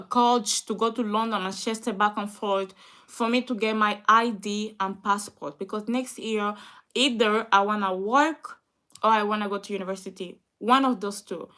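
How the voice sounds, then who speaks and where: A woman's voice: medium pitch, fairly bright tone. A young woman vlogger, upset and close to tears, venting to her viewers in an emotional chat.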